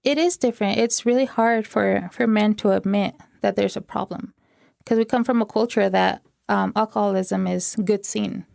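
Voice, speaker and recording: A woman's voice: medium pitch, fairly even intonation, moderate pace, gravelly, darkish tone, no room sound. A woman in her thirties from El Paso and Juarez, a podcast guest giving brief, dry, guarded answers. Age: 30s. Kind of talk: casual interview. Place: small studio.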